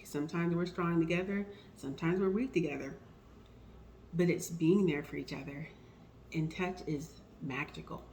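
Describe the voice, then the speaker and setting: Low-voiced woman sharing faith stories. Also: moderate pace, slight background noise, rough recording. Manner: warm storytelling, animated when quoting herself. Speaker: vlogger. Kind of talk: personal faith talk.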